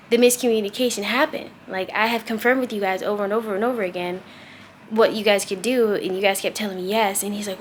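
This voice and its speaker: A woman's voice: mid-range voice, fairly bright tone, a little hiss or hum. A young woman vlogger telling a casual, exasperated story, acting out quoted dialogue. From United States. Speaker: travel vlogger.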